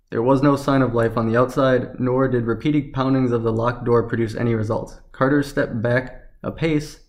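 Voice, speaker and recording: Man narrating a story in a mid-pitched voice.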